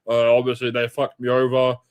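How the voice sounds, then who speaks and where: A man's voice: medium pitch, brisk, clean tone, natural voice. A man playing a polite, bland male star striker who tacks "obviously" onto every sentence. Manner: monotone, says "obviously" after every sentence. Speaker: comedy co-host.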